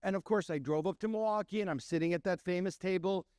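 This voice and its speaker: Middle-aged chef, lively storyteller who acts out quotes; high-pitched voice, dry recording. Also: male voice, quick pace, clean tone, dry recording. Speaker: chef and restaurant owner. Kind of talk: storytelling talk.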